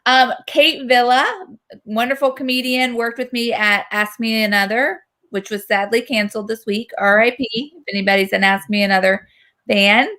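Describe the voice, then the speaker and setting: A woman's voice: fairly high pitch, fairly even intonation, normal speed, bright, forceful tone. A woman co-hosting a film festival, chatty and rambling with enthusiasm. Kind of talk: casual chat.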